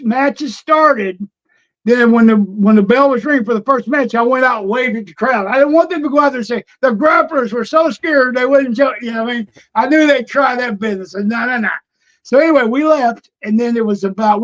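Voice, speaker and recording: An older man, a veteran wrestler telling road stories in a casual interview, acting out old conversations. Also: extremely high pitch. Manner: animated storyteller, acts out old conversations. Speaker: retired pro wrestler, guest. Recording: dull lo-fi stream audio.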